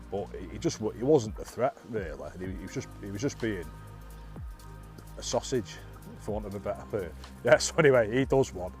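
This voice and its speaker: A man's voice: on the low side, darkish tone. A man, a bus driver, telling a story casually, laughing often and restarting his sentences in a self-deprecating way.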